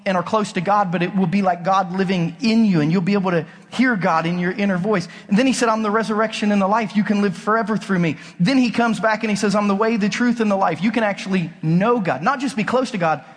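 A man's voice: high voice, fast, hardly any pauses, long reverb tail. A male pastor preaching a conversational sermon, emphatic and full of rhetorical questions. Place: large church auditorium.

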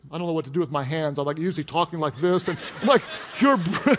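A man preaching a sermon as pastor, animated and joking in a conversational way. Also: fairly high pitch, fast talker, slight background noise. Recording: long reverb of a large hall.

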